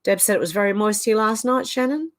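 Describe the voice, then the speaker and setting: An Australian woman with a medium-pitched voice talks briskly while hosting a livestream, chatting casually and reading viewer comments aloud.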